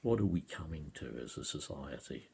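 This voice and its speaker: A man's voice: rumbling low, sing-song, moderate pace, gravelly, dark tone, slight background noise. A man vlogging to camera from home, talking in a rambling way with hesitant fillers. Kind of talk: monologue to camera. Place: indoors at home. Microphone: camera in front of him.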